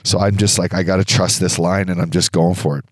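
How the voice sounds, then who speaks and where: Male co-host, lower register, dry booth sound, lively profane storyteller. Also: a little fast, no room sound. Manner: animated, profane storytelling with acted-out quotes. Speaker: podcast co-host. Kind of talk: casual storytelling chat. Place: indoor studio.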